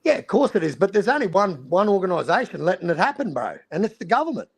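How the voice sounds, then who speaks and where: Brief: Australian man, high and gravelly voice, ranting and swearing. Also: big pitch swings, fast, no echo. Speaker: stream host. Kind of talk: casual chat.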